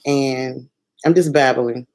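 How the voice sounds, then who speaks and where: A woman chatting excitedly on her first livestream from home at night, rambling and laughing, with sudden bursts of squealing joy. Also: a bass voice, slow, rough recording. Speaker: filmmaker and singer doing her first livestream. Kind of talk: casual excited livestream chat.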